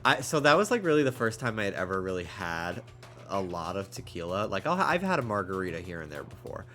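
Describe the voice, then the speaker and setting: A man's voice: low-pitched, big pitch swings, a little fast, sharp tone. A young man streaming a game, chatting casually and rambling with lots of fillers, reading game text aloud, with game music behind. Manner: rambling, many likes and ums, reads game text aloud. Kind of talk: game let's play with casual chat.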